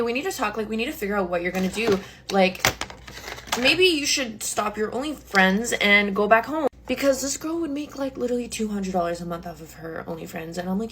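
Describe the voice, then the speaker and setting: A woman's voice: mid-range voice, a little hiss or hum. Young woman doing a storytime at her makeup table, super chatty, says like constantly. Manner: chatty, fillers of 'like', indignant asides. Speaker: social media creator. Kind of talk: casual storytime monologue.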